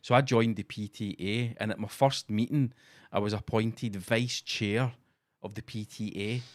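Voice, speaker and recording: A middle-aged Scottish man co-hosting a podcast in loose, casual chat. He tells animated, sweary stories and keeps things rolling. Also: on the low side, unhurried. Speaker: podcast co-host.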